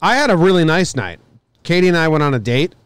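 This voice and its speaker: A man's voice: fairly high pitch, fast talker, clear, resonant tone. A young man, co-hosting a podcast in casual chat, laughing often and telling stories with energy. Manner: lively, laughing, animated storytelling. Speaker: podcast co-host.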